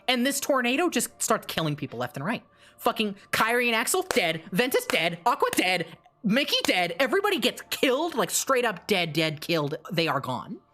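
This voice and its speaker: A woman streamer casually retelling a story, animated and swearing, with quick asides and restarts. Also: medium pitch.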